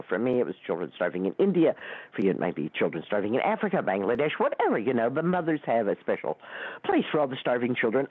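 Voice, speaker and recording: Woman radio host, middle-aged, animated storyteller, husky edge, heard down a phone line. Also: dry recording. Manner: animated, acts out quoted voices with big pitch swings. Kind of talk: storytelling talk.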